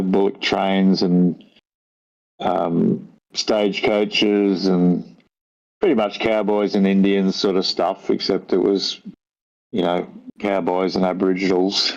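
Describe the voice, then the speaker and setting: An older Australian man with a lowish voice talks casually and wanders through his thoughts, often stopping to correct himself. The recording is dull and lo-fi, with the top end muffled. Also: darkish tone. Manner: rambling, thoughtful, self-correcting. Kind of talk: casual conversation. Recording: dull lo-fi audio.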